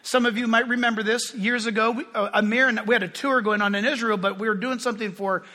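High voiced preacher guy, bright and sharp, telling a story to the congregation, long reverb. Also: quick pace. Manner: animated storytelling, addresses the congregation. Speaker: pastor. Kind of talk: sermon.

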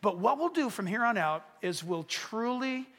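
A man preaching a sermon as pastor, animated and swinging from hushed asides to shouts. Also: high voice, moderate pace, in a large hall. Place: church.

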